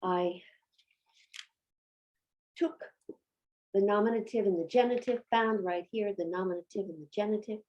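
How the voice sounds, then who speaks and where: A woman's voice: mid-range voice, steady tone, moderate pace, long pauses, darkish tone, dull audio. A woman giving a patient homeschool Latin lesson, asking and answering her own questions. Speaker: Latin teacher.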